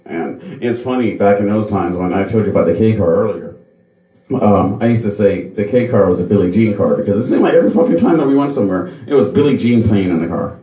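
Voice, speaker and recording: Man, podcast host, lively pitch, cursing storyteller, roomy sound. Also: fast talker. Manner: profane, animated storyteller.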